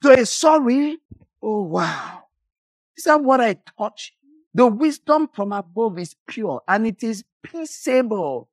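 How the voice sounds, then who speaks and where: A preacher delivers a sermon with passion and rebuke, and the voice swings widely up and down in pitch. The delivery scolds the listeners and breaks into sudden shouts. The sound is dry and close, with no room echo. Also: sing-song, unhurried.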